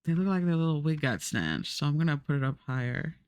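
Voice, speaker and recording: A woman's voice: low voice, sing-song, quick pace, a little mellow, clean tone, no echo. Chatty lady streamer rambling while she draws, laughs a lot, dry close mic. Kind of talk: casual live-stream chat while drawing. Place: home streaming setup.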